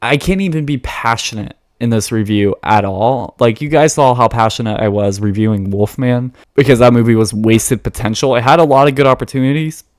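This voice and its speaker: A man's voice: mid-range voice, fairly quick, few pauses, a little mellow. A man giving a casual, blunt film review to his channel, chatty and full of fillers and restarts.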